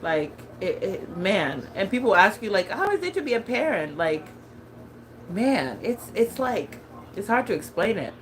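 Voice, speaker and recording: A woman's voice: mid-range voice, very animated, unhurried, poor audio. A woman in her thirties chatting casually as a lifestyle vlogger, laughing often and talking with many fillers and restarts. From California. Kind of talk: casual chat.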